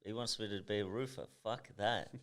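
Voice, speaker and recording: A man in his thirties from Tasmania with a strong Australian accent, speaking in a very low, heavy voice. He tells stories bluntly and intensely, with swearing in nearly every line, in a casual podcast chat. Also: a little fast, fairly bright tone. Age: 30s. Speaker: guest, professional boxer.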